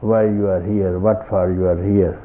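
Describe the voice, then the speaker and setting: An older man with an Indian English accent giving a slow, repetitive satsang talk as a spiritual teacher, often chuckling softly. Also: low-pitched, level tone. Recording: tinny lo-fi archival tape.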